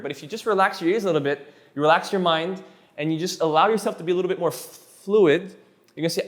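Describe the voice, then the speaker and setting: A man with a slightly high voice teaches a live class of students. He sounds relaxed and encouraging, often restarting and repeating his sentences as he coaxes answers out of the room. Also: fast. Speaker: Spanish teacher.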